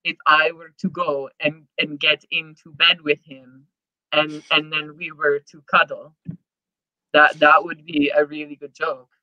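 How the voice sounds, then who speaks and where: A woman voicing a teasing young male musician who is coy and smitten, speaking softly with a put-on vague European accent. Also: sits low, little pitch movement, unhurried, no room sound, pitched below the performer's own voice. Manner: soft, coy and rambling. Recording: dull lo-fi podcast mic.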